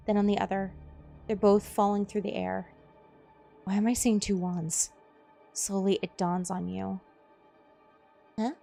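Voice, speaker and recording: A young woman streamer reads a story game's narration and dialogue aloud, sliding from one character voice to the next. Her voice has a gravelly edge and sits at an ordinary pitch. Faint music plays underneath. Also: darkish tone. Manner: switches between several character voices while reading a story game. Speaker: streamer voicing game characters. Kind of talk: game playthrough, reading dialogue aloud.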